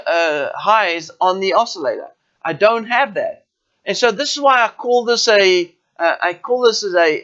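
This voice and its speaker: A man's voice: high-pitched, fairly bright tone, highs cut off. A South African man walking viewers through a live trading chart session, talking informally and often checking in with them. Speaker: forex trading educator. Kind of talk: live trading webinar walkthrough.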